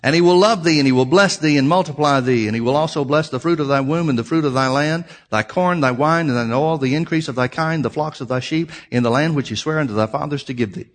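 A man's voice: fairly high pitch, fast talker, few pauses. A man preaching a sermon, reading scripture aloud and explaining it, emphatic and repeating key phrases for his listeners.

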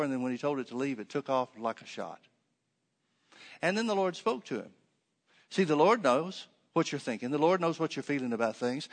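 A man's voice: a little high, big-room sound. A man preaching a conversational sermon, telling a story with many fillers and restarts.

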